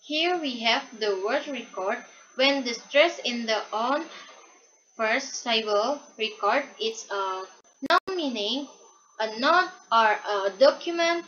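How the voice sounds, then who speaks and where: Young woman student, reading a class presentation, unhurried and halting, bright and slightly high voice. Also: lively intonation, slight background noise. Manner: reads a prepared script haltingly, with repeated restarts. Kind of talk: read-aloud class presentation. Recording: dull lo-fi recording.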